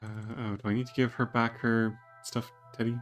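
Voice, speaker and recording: A man's voice: mid-range voice, little pitch movement, fairly quick, faint music behind. A man casually commenting while playing an adventure game, hesitant and mumbling. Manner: hesitant, mumbling, laughs to himself. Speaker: let's play gamer.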